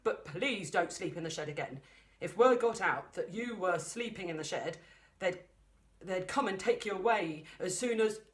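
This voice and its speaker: A woman voicing a practical farm mother with a Scottish accent, talking in a brisk, no-nonsense way. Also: lowish voice, lively intonation, natural voice. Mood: relieved.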